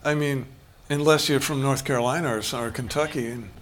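A man's voice: mid-range voice, fairly even intonation, a little fast, slight background noise. A man preaching a sermon in a conversational way, acting out short bits of dialogue and chuckling as he goes. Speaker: pastor.

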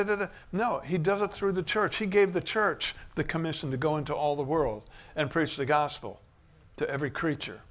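A man preaching a sermon, shifting from quiet musing to loud, emphatic bursts. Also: a little high.

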